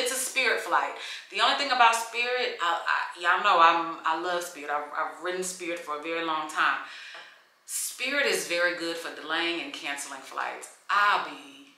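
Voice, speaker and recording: A woman's voice: on the low side, moderate pace, sharp tone. A young woman vlogging to camera in a hotel room, venting and emotional, holding back tears. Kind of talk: casual vlog talk to camera. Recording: echoey room.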